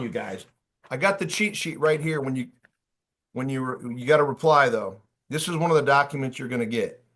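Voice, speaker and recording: A man in his late fifties running an online job-search workshop, talking in an animated, chatty way and calling on attendees by name. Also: medium pitch. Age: 50s. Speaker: workshop coach. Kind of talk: energetic online workshop talk.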